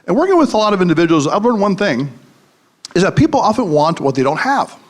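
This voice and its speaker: Man, live comedic talk, high voice, very lively pitch, joking, asks the audience. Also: quick pace. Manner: joking, anecdote-telling, engages the audience. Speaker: psychologist and podcast host giving a live talk. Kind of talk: comedic motivational speech.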